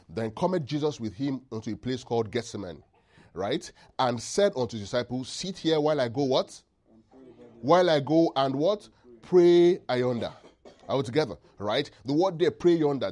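A male preacher delivering a sermon with a voice that swoops up and down, full of expressive rises and falls. He keeps checking in with his listeners and leaves gaps in the verses for them to call back the missing word. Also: medium pitch. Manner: call-and-response, asks congregation to finish verses.

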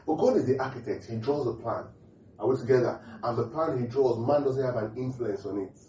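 A man's voice: mid-range voice, a little fast, dark tone, slight background noise. Preacher man in an echoey church hall. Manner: call-and-response questions to the congregation; repeats key phrases emphatically. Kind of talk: sermon. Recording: distant, echoey, muffled hall recording.

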